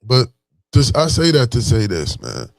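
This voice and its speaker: A man's voice: mid-range voice, wildly swooping pitch, a little slow, gravelly, no echo, studio quality. A man from Buffalo with a Buffalo accent giving a casual motivational talk, slangy and full of "you know what I'm saying.". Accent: Buffalo, New York. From Buffalo, New York. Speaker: vlogger.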